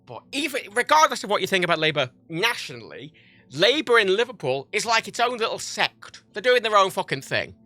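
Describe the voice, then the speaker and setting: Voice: mid-range voice, very animated, a little fast, pushed and bright, no echo, soft background music. A livestreamer ranting heatedly and profanely in casual talk while playing a game.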